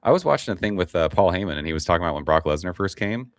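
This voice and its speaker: A man's voice: low voice, animated, rapid-fire, no echo, studio quality. A middle-aged man hosting a casual live stream, rambling in a laid-back way and swearing now and then as he reads the chat. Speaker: livestream host.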